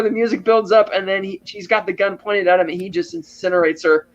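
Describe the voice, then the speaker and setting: A man's voice: sits high, flat delivery, a little fast, highs cut off. A man co-hosting a podcast, animatedly retelling film scenes step by step and acting out the lines. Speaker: podcast co-host. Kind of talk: casual film discussion.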